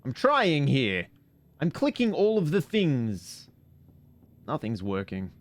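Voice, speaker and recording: A man's voice: mid-range voice, wildly swooping pitch, slow pace, a little hiss or hum. A man streaming a mystery game, with casual, sarcastic, muttering commentary as he plays.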